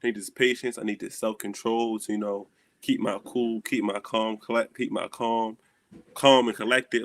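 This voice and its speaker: A young man with a Southern American accent, hosting a casual chat and acting out stories with animated dialogue. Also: on the low side, no echo. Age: young adult. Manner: animated storytelling, acts out dialogue. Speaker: host.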